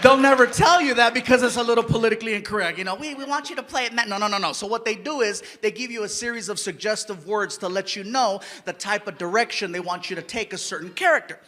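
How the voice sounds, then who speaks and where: High-voiced man doing animated stand-up. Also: fast talker, hardly any pauses. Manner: animated, bursts into shouts and put-on voices. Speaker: stand-up comedian. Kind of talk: stand-up comedy storytelling.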